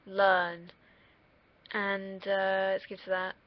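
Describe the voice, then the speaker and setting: A woman's voice: medium pitch, monotone, slow, dull audio. A young woman from the UK, vlogging in a casual, rambling monologue that wanders off on tangents, with the odd swear word. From United Kingdom.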